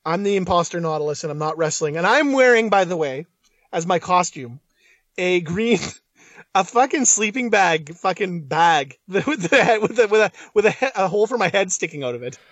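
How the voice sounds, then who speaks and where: Young male podcast co-host, higher voice, profane and jokey. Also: animated, normal speed, fairly bright tone, dry recording, dull audio. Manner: laughing, blunt and profane. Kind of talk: casual podcast chat.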